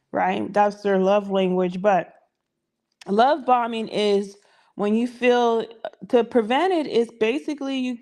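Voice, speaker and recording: A woman with a somewhat high voice coaching a group in a loose, chatty way. She acts out little scenes as she goes, switching into quoted voices. It sounds like an easygoing advice call. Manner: animated, acts out quoted dialogue. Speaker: relationship coach.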